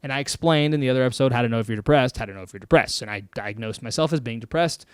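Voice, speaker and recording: A man hosting a mental health show, talking casually to his viewers in an energetic, emphatic way and laughing often. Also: medium pitch, racing, clean tone, no room sound, clean studio sound. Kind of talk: casual monologue to camera.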